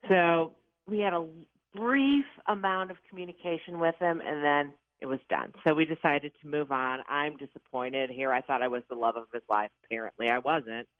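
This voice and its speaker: A woman in her fifties from the Chicago area, a paranormal investigator telling her stories in an interview with lively, dramatic, self-mocking delivery. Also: low voice, normal speed, no echo. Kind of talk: animated storytelling interview. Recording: tinny phone-like line, dry.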